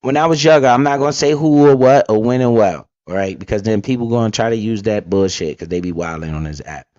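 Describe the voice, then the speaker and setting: A man's voice: lowish voice, fast talker, a little mellow, no echo, muffled recording. A man giving blunt, profane, casual commentary while reacting to an interview, full of asides and storytelling.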